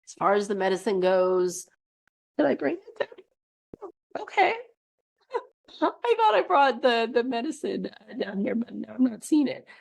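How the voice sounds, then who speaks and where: Gravelly-voiced woman giving an energy reading. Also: a little high, sing-song, a little slow, pauses often. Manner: earnest, reassuring, repeats phrases. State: voice worn from a cold. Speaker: spiritual energy coach. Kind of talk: monthly energy reading vlog.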